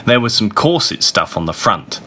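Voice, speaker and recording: A man giving a comedic reading of a story, laughing often and shouting the characters' lines. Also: lowish voice, big pitch swings, moderate pace, a little hiss or hum. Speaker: reader. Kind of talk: comedic dramatic reading of fan fiction.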